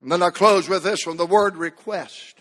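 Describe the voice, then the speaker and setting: A man preaching a fervent sermon, swinging from shouts down to low murmurs. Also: moderate pace, long reverb tail. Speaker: pastor. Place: church sanctuary.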